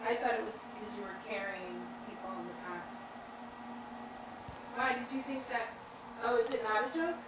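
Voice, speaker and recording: A woman's voice: mid-range voice, normal speed, long pauses. A woman co-hosting a live stream, reading viewer questions aloud in a chatty, giggly, self-deprecating way. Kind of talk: casual live-stream chat. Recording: echoey room, off-mic, noisy.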